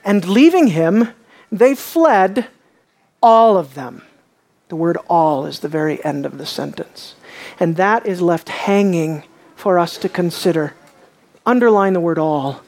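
A man preaching a sermon, asking his listeners questions and dropping low and quiet on key lines. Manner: asks the audience questions.

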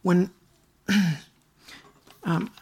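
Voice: mid-range voice, extremely slow, darkish tone, slightly rough. A pastor preaching a sermon to a congregation, addressing them directly and repeating key words for stress.

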